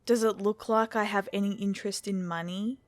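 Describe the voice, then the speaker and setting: A woman's voice: mid-range voice, steady tone, brisk, no room sound, lightly acted. A woman voicing a bored, menacing man who cannot be killed, speaking with cool scorn. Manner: scornful, coolly threatening.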